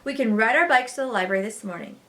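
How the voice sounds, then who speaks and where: A woman doing a smug, teasing preteen girl with a bright voice. She rises and dips, lively and bossy. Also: fairly high pitch, fast.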